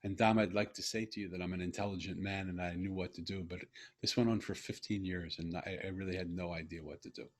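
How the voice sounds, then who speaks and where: A man's voice: sits low, fairly even intonation, fast talker. A middle-aged man, a guest author, telling a personal story in a podcast interview in an earnest, heartfelt way with frequent restarts.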